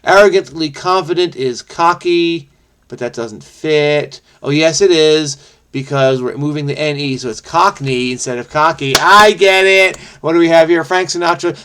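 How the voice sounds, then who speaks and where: A man thinking aloud as he solves a crossword, muttering to himself with many fillers and self-corrections, quick bursts between slower musing. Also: a little high, a bit bright, clear, resonant tone. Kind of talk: thinking aloud while solving.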